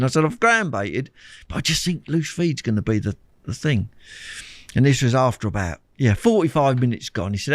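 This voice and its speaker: Older male guest, animated anecdotal delivery, dry recording. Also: mid-range voice, normal speed, dry recording. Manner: animated anecdotal storyteller, repeats words, laughs often. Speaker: guest, champion angler. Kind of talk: storytelling interview chat.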